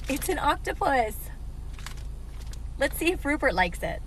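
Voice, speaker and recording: A woman's voice: high voice, sing-song, a little slow. A woman talking playfully to her dog in a home video. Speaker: dog owner. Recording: noisy home phone video.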